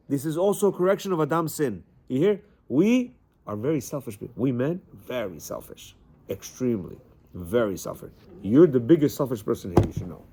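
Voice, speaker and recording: Animated man teaching a men's class. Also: mid-range voice, a little fast, slightly rough. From Central Asia, Bukharan Jewish family. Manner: animated, conversational, repeats words. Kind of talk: lecture with stories. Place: classroom with a small group of men.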